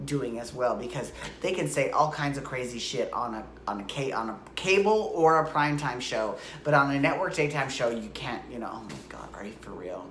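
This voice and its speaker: A woman's voice: rumbling low, reverberant, slight background noise. A woman vlogger giving a casual, opinionated recap of a soap opera, full of chatty asides.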